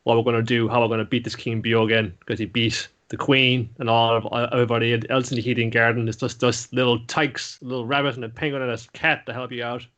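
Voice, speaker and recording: A man's voice: medium pitch, a bit bright, highs cut off. Profane, chuckling man recapping an episode. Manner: loose and profane, breaks into laughter, acts out lines mid-story. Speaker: anime podcast co-host.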